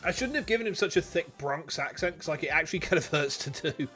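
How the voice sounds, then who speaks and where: A man's voice: on the high side, animated, fast talker, sharp tone, faint music behind. A man with a Yorkshire accent, a VTuber streamer chatting casually and self-deprecatingly over his game.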